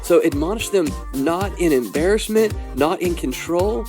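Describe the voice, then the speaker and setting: A man's voice: high voice, animated, moderate pace, music in the background. A man hosting a podcast, giving an earnest, pastoral Bible teaching that rises into exhortation.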